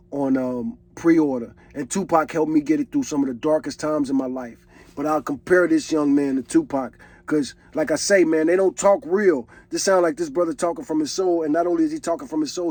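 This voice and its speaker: Man, 40s, reaction host; high, raspy voice, preachy and heartfelt. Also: darkish tone, dry recording. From Chicago. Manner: earnest, preachy, reflective. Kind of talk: casual reaction commentary.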